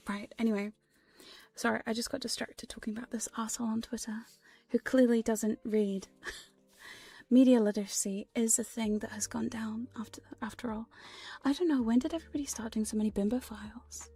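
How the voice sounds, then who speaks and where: A woman chatting in a whispered ASMR livestream, soft and breathy, laughing and swearing casually between close-mic whispers. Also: fairly high pitch, moderate pace, faint music behind. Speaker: ASMR hypnosis streamer. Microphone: studio condenser mic close up.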